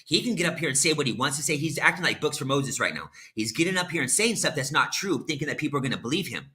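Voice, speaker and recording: Fast, bright-voiced angry man ranting. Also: fairly high pitch, very animated. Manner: angry, profane, accusatory ranting. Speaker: livestream panel guest. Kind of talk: heated live-stream argument.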